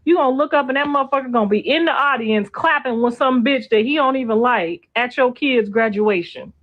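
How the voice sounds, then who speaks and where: Brief: middle-aged woman, gossip stream host, sassy and cursing, higher pitch, muffled lo-fi audio. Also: fairly quick. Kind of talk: casual gossip livestream.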